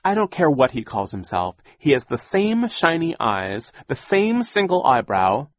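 A man's voice: medium pitch, big pitch swings, a little slow, slight background noise, pitched above the performer's own voice. A man voicing a determined, impatient young girl who speaks emphatically. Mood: emphatic.

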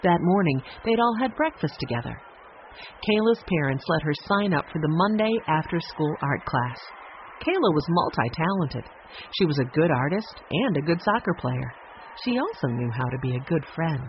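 An audiobook narrator reading a children's story in a scripted, expressive style, switching voices for the characters. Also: mid-range voice, moderate pace, highs cut off, slight background noise.

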